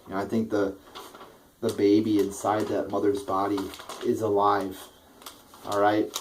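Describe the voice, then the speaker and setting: A man's voice: lowish voice, completely flat delivery, measured pace, slight background noise, low-quality recording. A man delivering a blunt, profane political rant, rambling with many restarts. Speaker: political vlogger.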